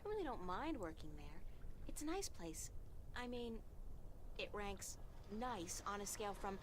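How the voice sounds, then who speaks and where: A woman's voice: a little high, background noise. An actress voicing a wry young woman game heroine who narrates in a dry, sardonic way. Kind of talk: video game voice acting.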